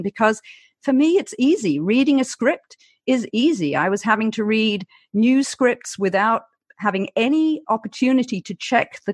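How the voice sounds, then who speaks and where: A woman's voice: a little high, breathy edge, dry recording. Articulate british woman with received pronunciation. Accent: English received pronunciation. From Britain. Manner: articulate, lively, wry humor. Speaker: guest, author and former broadcaster. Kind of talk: interview conversation.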